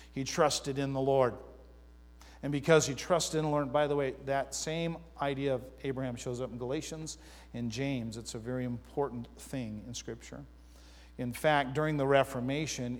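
A man preaching a sermon, mixing scripture reading with casual personal stories. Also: medium pitch. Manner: conversational preaching with personal anecdotes. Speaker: pastor. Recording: reverberant hall.

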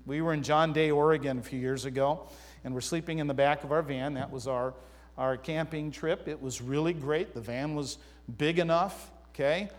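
A man's voice: a little high, normal speed. Preaching man in a reverberant hall. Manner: conversational preaching with personal anecdotes. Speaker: pastor. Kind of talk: sermon.

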